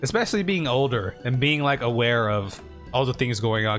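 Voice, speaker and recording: A man talking casually and joking through a gaming reaction, chatty and quick to laugh. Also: mid-range voice, lively intonation, a bit bright, faint music behind. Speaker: streamer reacting to a game.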